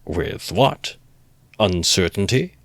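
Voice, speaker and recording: A man's voice: sits low, lively intonation, takes it slowly, vocal fry, no echo, exaggerated voice. A man reading aloud as a sly, ironical middle-aged investigator, needling with good-humoured questions. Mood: teasing.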